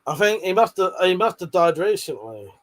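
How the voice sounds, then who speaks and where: A man's voice: sits high, very animated, moderate pace, a bit bright. A man hosting a late-night livestream, chatting with viewers while he swears a lot, laughs often and bickers. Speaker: livestream host.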